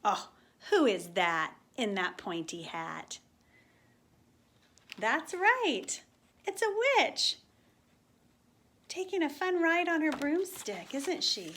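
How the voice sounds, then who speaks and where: A woman leading a storytime for young children, speaking gently and with exaggerated expression. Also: high-pitched, very animated, takes it slowly, long pauses.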